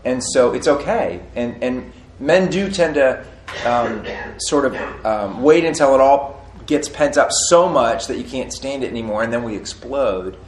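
A man in his forties, co-hosting a casual marriage-advice chat, who talks in halting bursts with many restarts. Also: medium pitch. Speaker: podcast co-host. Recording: echoey room with faint noise.

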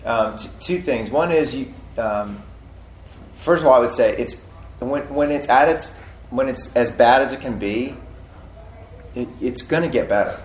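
A man in his forties, co-hosting a casual marriage-advice chat, who talks in halting bursts with many restarts. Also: mid-range voice, a little mellow. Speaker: podcast co-host. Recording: echoey room with faint noise.

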